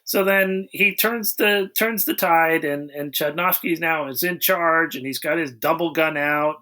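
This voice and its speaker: A man's voice: fairly high pitch, unhurried, sharp tone. A man co-hosting a podcast, recapping a movie plot in a dry, dismissive way. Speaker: podcast co-host. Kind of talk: casual chat.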